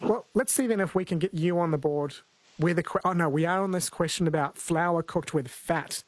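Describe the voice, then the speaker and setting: A man hosts a talkback radio quiz in a chatty, self-correcting way. His voice sits a little high and the studio sound is dry and close. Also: brisk, no room sound. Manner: chatty, self-correcting, friendly banter with callers. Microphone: studio microphone.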